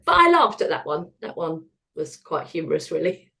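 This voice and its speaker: A woman, a podcast guest talking frankly about hard times, laughing at the dark parts. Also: deep voice, big pitch swings, normal speed, vocal fry. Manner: frank and self-deprecating, laughs at dark moments. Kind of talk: candid conversational storytelling.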